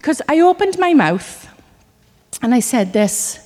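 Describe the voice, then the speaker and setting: A woman from Wales delivers a sermon with a slightly high voice that rings out into a large hall. She tells personal stories and acts out little voices as she goes. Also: a little slow. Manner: animated storytelling with acted asides. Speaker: preacher.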